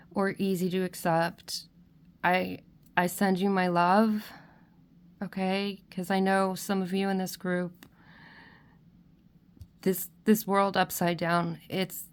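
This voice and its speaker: A woman giving a spiritual tarot reading to her viewers. She is tearful and emotional, and she speaks gently with many restarts and soft check-ins. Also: fairly low pitch, clean tone. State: tearful, crying at times. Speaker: tarot reader.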